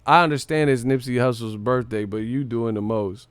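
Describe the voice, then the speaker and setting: A man's voice: medium pitch, normal speed, hardly any pauses, no echo. Man ranting mockingly on a live stream. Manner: mocking, profane, laughs often. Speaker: boxing commentary streamer. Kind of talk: casual live-stream rant.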